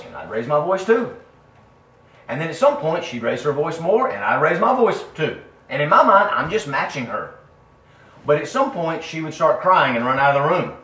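Animated preacher in a roomy hall. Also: male voice, mid-range voice. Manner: animated, swings between loud emphasis and quiet asides. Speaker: pastor. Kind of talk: sermon. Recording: roomy sound from a distant mic with faint room noise.

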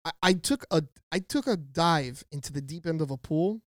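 A man's voice: a little high, moderate pace, dry recording, studio quality. A man co-hosting a podcast, telling a story in casual chat with lots of slang and swearing, acting out the people he quotes. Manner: animated, slangy, profane, acts out quoted voices. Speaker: podcast co-host.

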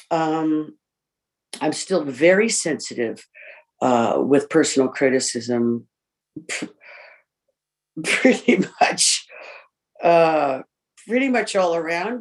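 Slow, reflective woman sharing in recovery. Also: low voice. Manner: reflective and candid, many pauses and fillers. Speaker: speaker sharing in a recovery group. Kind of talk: personal recovery share, reading list points.

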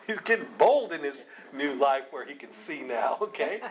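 A man's voice: on the high side, slow. A man teaching a Bible chapter verse by verse in a conversational way, acting out the speakers' lines with sarcasm and laughter. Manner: conversational, animated, acts out voices with sarcasm and laughs.

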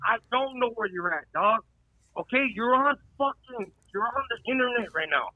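A man's voice: very high-pitched, animated, moderate pace, narrow, tinny audio. A male caller in a heated argument, talking defensively and repeating "dog" and "my boy.".

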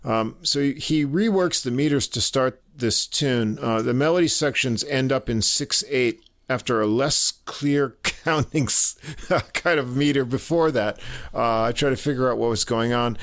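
A man giving a casual spoken review of a jazz album, halting with many fillers and little chuckles. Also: medium pitch, a bit bright.

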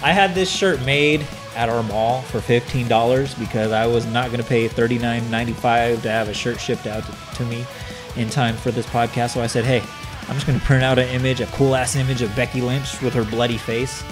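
Heavy-swearing male podcast co-host, animated storyteller, mid-pitched voice, webcam sound, faint music in the background. A casual, rambling style, with lots of cursing. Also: brisk. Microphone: video call webcam.

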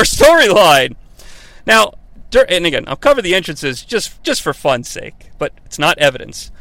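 A man's voice: high-pitched, big pitch swings, moderate pace, bright, forceful tone, no room sound. An American man hosting a comedic wrestling review show, rambling and profane, with a mock-formal tone. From United States.

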